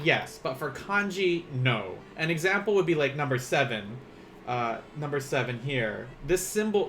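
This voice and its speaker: Man, language teacher, casual lesson, counts aloud while writing, self-deprecating, lively pitch. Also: slight background noise. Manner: chatty, self-deprecating, laughs often.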